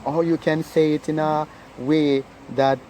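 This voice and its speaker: Earnest man with a mellow voice. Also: a little high, level tone, unhurried, a little hiss or hum, poor audio. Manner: earnest, repetitive, keeps asking "right?". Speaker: relationship speaker. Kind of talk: informal advice talk.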